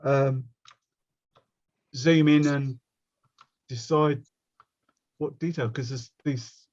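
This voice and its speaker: A man with a West Country accent runs a casual watercolour workshop over a video call, chatty and rambling, often stopping to poke fun at himself. His voice is mid-range and a little mellow, with fairly even intonation and drawn-out words, and the highs are cut off.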